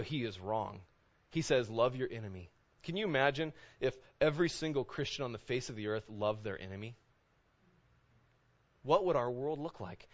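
A man's voice: medium pitch, fairly bright tone, highs cut off. A man in his thirties preaching a sermon in a conversational way, full of rhetorical questions. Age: 30s. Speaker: pastor.

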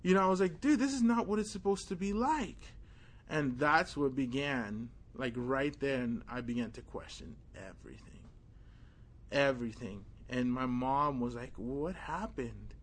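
A young man preaching an informal sermon, telling a personal story in a casual, animated way with many fillers. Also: medium pitch, normal speed.

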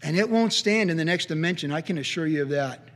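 A man with a notably high voice preaches a sermon, driving his points home and then dropping to a hush. His words ring out with a long reverb, as if he stands in a big hall. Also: quick pace. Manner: emphatic preaching with sudden swings between loud and soft. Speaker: pastor.

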